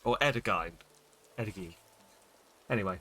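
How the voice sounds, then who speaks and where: A man's voice: lowish voice, moderate pace, pushed and bright. A man streaming a game, chatting casually and thinking aloud as he sounds out Japanese words, with many fillers. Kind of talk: casual live-stream chat while reading Japanese.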